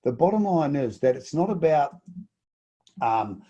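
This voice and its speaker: A man's voice: on the high side, very animated, a little slow, dark tone, slightly rough, highs cut off. Emphatic New Zealand man coaching. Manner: emphatic, repeats words and fires off rhetorical questions. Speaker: business coach. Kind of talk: webinar presentation.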